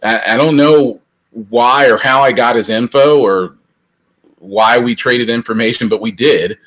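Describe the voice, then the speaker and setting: A middle-aged man co-hosting a podcast, telling long rambling anecdotes with lively restarts. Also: medium pitch, unhurried. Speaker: podcast co-host. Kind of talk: casual storytelling chat.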